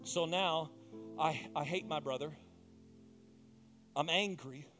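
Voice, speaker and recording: A man's voice: on the high side, takes it slowly, fairly bright tone, soft background music. A male pastor preaching a passionate sermon, mixing conversational asides with emphatic, rising peaks.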